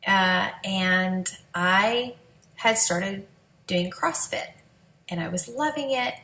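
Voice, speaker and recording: A woman's voice: medium pitch, takes it slowly, sharp tone, reverberant, poor audio. A woman, a mother, telling her family's story in a candid, emotional, conversational vlog.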